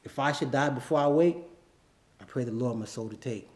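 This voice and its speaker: A man's voice: medium pitch, brisk, darkish tone, slight background noise. A man performing a spoken word poem at an open mic, reciting in a solemn, rhythmic way. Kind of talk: spoken word poetry reading. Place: live venue before an audience.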